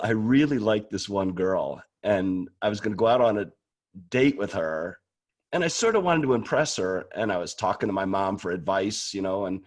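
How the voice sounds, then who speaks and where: A man talking casually and candidly about prayer, often restarting words as he goes. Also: on the low side. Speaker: guest speaker on prayer. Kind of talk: casual conversational talk.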